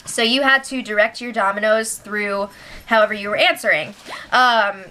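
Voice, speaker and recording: A woman's voice: medium pitch, steady tone, moderate pace, sharp tone. A woman hosting a casual recap of reality show updates. She is chatty and giggly, with sarcastic asides.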